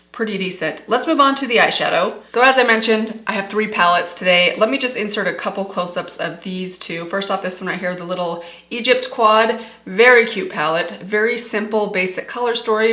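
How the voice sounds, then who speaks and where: A woman's voice: medium pitch, pushed and bright. A middle-aged woman beauty vlogger chatting casually and enthusiastically through a makeup tutorial, talking straight to her viewers. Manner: chatty, enthusiastic, addresses viewers as "you guys". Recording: echoey room.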